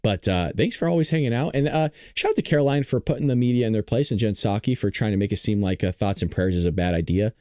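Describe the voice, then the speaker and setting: A man hosting a live-stream political commentary show, chatty and reacting to his chat, hoarse from losing his voice. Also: on the low side, fast talker, hardly any pauses, darkish tone, no echo, clean studio sound.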